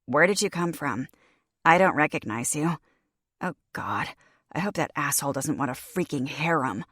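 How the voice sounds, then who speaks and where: A woman's voice: deep voice, animated, moderate pace, fairly bright tone, breathy edge, dry recording, heavily acted. A woman voicing a wary, blunt young woman from California in an audiobook, in a dry, close recording. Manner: guarded and blunt.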